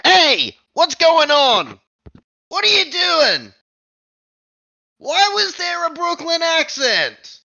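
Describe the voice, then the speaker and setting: Tiny greedy goblin creature, very high shrill voice, giddy and demanding, tabletop game voice, dull sound. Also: male voice, huge pitch swings, slow, gravelly, long pauses, bright, forceful tone, full character voice. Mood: startled.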